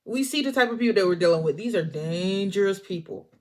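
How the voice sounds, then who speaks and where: A woman casually recapping a film's plot for a vlog, animated and acting out the characters' lines. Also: mid-range voice, fast talker. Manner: animated storyteller, acts out the characters. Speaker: movie reviewer.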